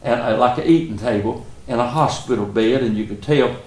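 A middle-aged pastor with a Southern US accent preaches and tells stories in an earnest, folksy manner. His medium-pitched voice is brisk and slightly mellow, and the room is echoey.

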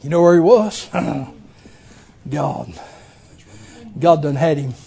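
A man's voice: a little high, drawn-out words, vocal fry, mellow. A man preaching a folksy sermon, telling the story with exclamations and chuckles.

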